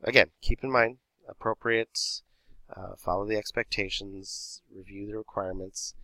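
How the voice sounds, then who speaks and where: A male theatre teacher gives a recorded lesson, walking through script format step by step and reading examples aloud. His voice is bright and forward. The recording is dry and close, with little room sound. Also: on the low side, steady tone, moderate pace, dry recording, poor audio.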